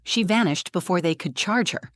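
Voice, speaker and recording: A woman reading as a hushed, confiding doctor. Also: fairly low pitch, moderate pace, no echo, clean studio sound, lightly acted. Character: careful woman doctor, lowering her voice.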